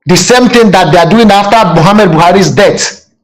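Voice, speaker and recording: Fiery high-voiced Nigerian man. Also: lively intonation, normal speed, fairly bright tone, poor audio. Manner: fiery, aggressive, rhetorical questions. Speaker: panelist. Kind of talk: impassioned political talk.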